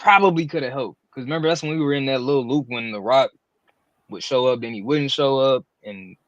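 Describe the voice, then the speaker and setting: A man's voice: brisk, no echo, lo-fi sound. A man co-hosting a wrestling reaction podcast, talking casually with a playful, teasing manner. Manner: playful, teasing, swings between high and low tones. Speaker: podcast co-host.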